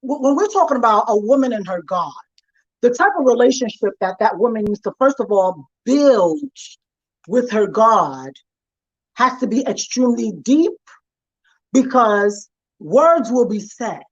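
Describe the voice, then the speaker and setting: A woman's voice: a little high, lively intonation, a little slow, highs cut off. A woman hosting a talk show discussion, insistent and cutting in to make her point. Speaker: host.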